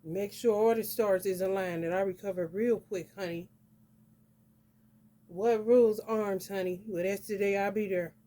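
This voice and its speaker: A woman's voice: medium pitch, steady tone, moderate pace, warm tone. A woman giving a casual astrology vlog reading, blunt and profane, peppering her talk with "honey". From northern United States. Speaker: astrology reader. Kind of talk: casual spiritual vlog rant.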